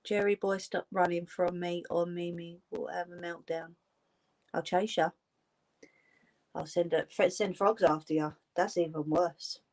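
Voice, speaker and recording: A woman's voice: lowish voice, steady tone, unhurried, a little mellow. Lady chatting on a craft stream, reading out comments, affectionate and easygoing. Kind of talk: casual chat with live viewers.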